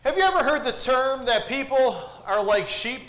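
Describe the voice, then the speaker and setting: Guy preaching in a church, higher voice, asks the folks questions, echoey room. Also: expressive, normal speed, a bit bright. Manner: earnest, asks the congregation questions. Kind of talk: sermon. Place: church sanctuary.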